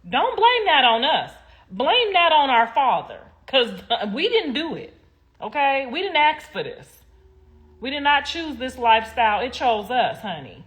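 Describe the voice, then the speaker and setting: A woman's voice: sits high, very animated, unhurried. Heated, blunt woman ranting on a livestream. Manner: heated, blunt, swears freely, swings loud and quiet. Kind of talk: casual livestream rant.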